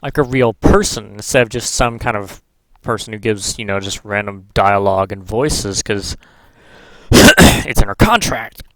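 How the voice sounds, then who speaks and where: A gaming vlogger offers casual commentary, rambling, swearing and correcting himself as he goes. His voice is on the low side and steady in tone, at normal speed, in a dry recording.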